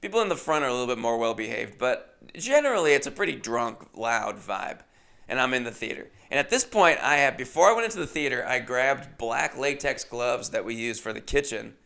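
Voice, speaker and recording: A man's voice: medium pitch, animated, fairly quick, creaky, sharp tone. A man hosting a podcast, telling a comedic story in a wry, self-deprecating way. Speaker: podcast host.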